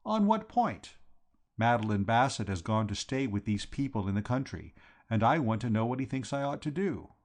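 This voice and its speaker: A man voicing an anxious, timid young English gentleman who pleads for help. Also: medium pitch, big pitch swings, moderate pace. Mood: flustered.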